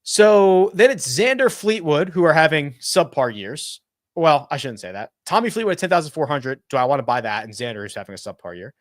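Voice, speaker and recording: An animated man chats on a live stream, answering viewer questions and thinking out loud. His fairly high voice swings widely in pitch. The sound is dry and close, with no room around it. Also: dry recording. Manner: animated and chatty, thinks out loud with quick self-corrections. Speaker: host of a golf betting and fantasy live chat.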